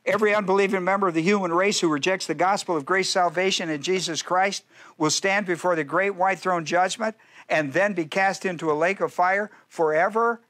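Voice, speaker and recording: High-voiced joking preacher man. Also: a bit bright. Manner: folksy, joking preaching with quick asides. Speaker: pastor. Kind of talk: sermon.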